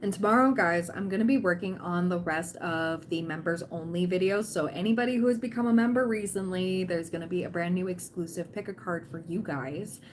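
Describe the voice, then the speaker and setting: A woman's voice: fairly low pitch, a little fast, few pauses, slight background noise. A woman hosting a tarot livestream, chatting casually and cheering on her viewers, often quoting people in playful voices.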